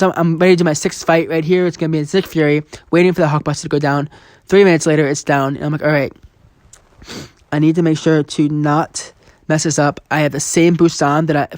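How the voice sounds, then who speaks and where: A man's voice: a little high, no room sound, clean studio sound. A young man commenting over his own gameplay footage, venting frustration at his mistakes and acting out his reactions. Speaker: gaming channel host.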